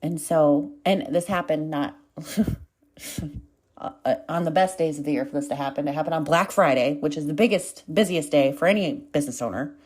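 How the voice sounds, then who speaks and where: A woman's voice: sits low, normal speed, darkish tone. A woman hosting her own podcast, talking candidly and swearing freely as she tells a story in a casual monologue, still getting over a cold. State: recovering from a cold, coughing. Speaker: podcast host.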